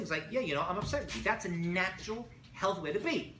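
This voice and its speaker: A man teaching a lively class as a rabbi, telling stories with acted-out quotes and checking in with frequent asides. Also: high voice, fairly quick. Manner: animated storytelling with acted quotes, many "right?" asides. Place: college classroom. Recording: echoey room, faint noise.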